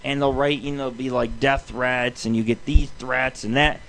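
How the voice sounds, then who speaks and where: A radio show host rants from his home studio in a creaky, medium-pitched voice at normal speed, with a little hiss or hum on the recording. His profane, rambling monologue is loose, excitable and full of swearing.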